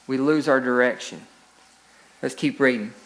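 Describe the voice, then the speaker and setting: A man's voice: medium pitch, moderate pace. A male pastor preaching a sermon, reading scripture aloud and rising into emphatic peaks.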